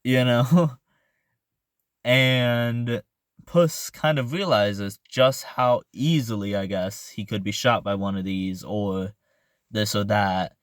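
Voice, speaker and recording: A young man giving a casual, rambling movie review, full of fillers and pauses while he searches for words. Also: lowish voice, no echo.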